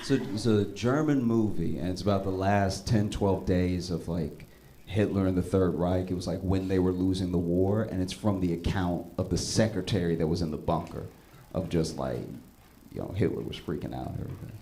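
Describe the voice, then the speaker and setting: A male stand-up comedian telling stories on a comedy club stage, his voice jumping high and loud at the punchlines. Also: moderate pace, slight background noise. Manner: animated storytelling, voice jumps high for punchlines.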